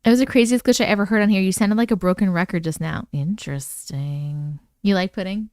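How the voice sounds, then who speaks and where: A woman hosting a casual livestream, chatting excitedly and reacting to viewer comments as she reads and discusses their stories. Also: mid-range voice, racing, clean tone, no echo.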